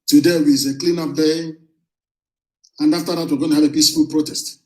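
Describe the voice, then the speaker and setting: A man's voice: a little high, level tone, a little fast, darkish tone. A man giving a fiery, defiant broadcast address as a movement leader. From southeastern Nigeria. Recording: roomy echo.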